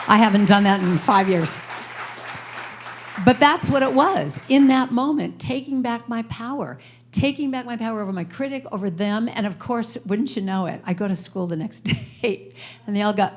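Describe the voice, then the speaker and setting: An American woman speaks to a live congregation in a spiritual center. She tells a personal story with lively energy, acting out the voices of the people in it. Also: mid-range voice, normal speed, slight background noise. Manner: animated, acts out voices in her story. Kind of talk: storytelling sermon. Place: church sanctuary before a live congregation.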